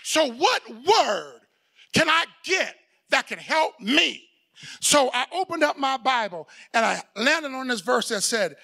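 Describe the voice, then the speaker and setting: A middle-aged man preaching a sermon as pastor, telling a story, acting out the people in it and shouting for emphasis. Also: extremely high pitch, sing-song, a little slow, vocal fry.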